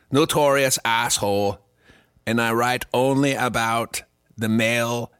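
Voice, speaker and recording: A man voicing a pompous German rapper from Nuremberg with a thick German accent, speaking slowly and grandly. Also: mid-range voice, pushed and bright, clean tone, dry recording, clean studio sound. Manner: slow, grandly self-important.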